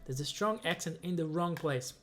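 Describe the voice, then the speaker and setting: Man teaching groove over loud guitar. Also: on the high side, moderate pace. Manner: relaxed, counting beats aloud between played examples. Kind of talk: casual demonstration lesson. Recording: guitar playing heard loudly.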